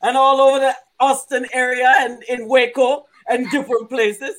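A man doing a loud comedian who shouts and wails over his son, in a very high, strained voice. The put-on is heavy and the delivery brash, made for a comedy sketch. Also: flat delivery, normal speed, low-quality recording. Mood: indignant. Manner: loud, shouting, laughing and wailing. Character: loud Jamaican comedian, protective father.

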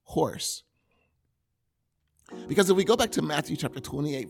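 A man preaching a sermon, animated and repetitive, asking rhetorical questions. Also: fairly high pitch, normal speed, vocal fry, pauses often, faint music behind. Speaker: pastor.

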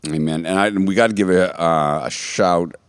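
Casting: a man with a lowish voice, rambling jokey host of a church talk, dry close sound. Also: moderate pace, clean tone, no echo. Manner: rambling, jokey, trailing off in soft asides. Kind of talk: casual chat.

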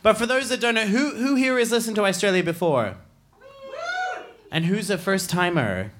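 A man co-hosting a live comedy podcast on stage, telling stories quickly and laughing often. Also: high-pitched, noisy background. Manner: animated, laughing, quick storytelling. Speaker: podcast co-host. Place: stage before a live audience.

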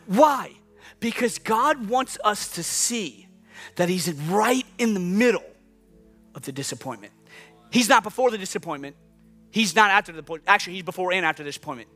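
A man preaching a sermon in an emphatic, conversational way, drawing out phrases and dropping to a hush. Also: high-pitched, expressive, moderate pace, soft background music.

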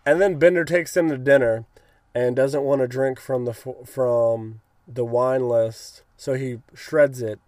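A young man in casual chat, excitedly retelling cartoon scenes and acting out lines in goofy voices. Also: mid-range voice, a little slow, no room sound, clean studio sound. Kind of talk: casual episode recap chat.

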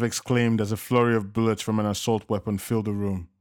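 A man with a low voice narrates a written story. He reads in a steady, measured way. The sound is dry and close. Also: smooth, no echo.

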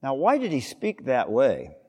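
A man preaching a sermon, explaining scripture with rhetorical questions and an expressive delivery. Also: medium pitch, unhurried, husky, long reverb tail.

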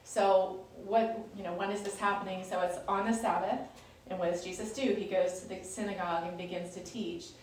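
A woman's voice: mid-range voice, fairly even intonation, fairly quick, hardly any pauses, a little mellow, a little hiss or hum. A woman leading a Bible study, explaining scripture in a chatty, conversational way with frequent fillers and restarts. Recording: echoey room, distant mic.

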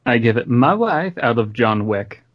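Husky man in a dry room. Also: mid-range voice, animated, normal speed, dry recording. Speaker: podcast co-host. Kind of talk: casual chat.

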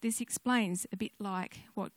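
Older woman telling church stories, chatty and gentle, dry recording, no room echo. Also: mid-range voice, unhurried. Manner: gentle storytelling, conversational asides. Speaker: speaker sharing a devotional message. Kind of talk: personal testimony sermon.

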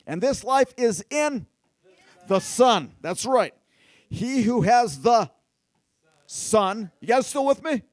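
Animated high-voiced male preacher. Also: slow, long pauses, no room sound. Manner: animated, addresses crowd directly, rising to near-shouts. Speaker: pastor. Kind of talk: sermon.

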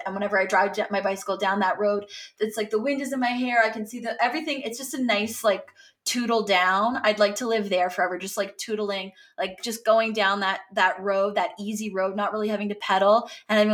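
A woman's voice: mid-range voice, steady tone, brisk, fairly bright tone. A woman actor from Canada, a guest chatting in a rambling, self-deprecating way. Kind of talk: casual interview chat.

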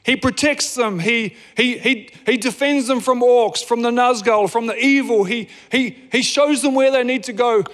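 Man, pastor, sermon, storytelling, high voice, long hall echo. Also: a bit bright. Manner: storytelling with restarts and dramatic pauses.

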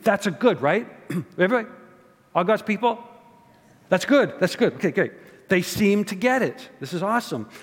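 A man's voice: sits high, lively intonation, normal speed, long pauses, slightly rough, long reverb tail. A man preaching a sermon, talking conversationally to the congregation with rhetorical asides. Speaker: pastor.

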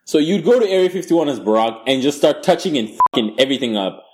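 A podcast co-host, a man with a slightly high voice, talks fast in casual banter. He's animated and profane, laughing as he spins stories.

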